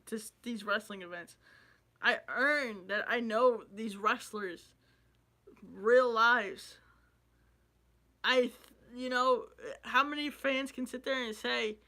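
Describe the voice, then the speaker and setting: A man's voice: high-pitched, pushed and bright. A young man vlogging in an emotional, rambling way, swearing freely as he talks about loss and his dreams. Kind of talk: emotional casual vlog talk.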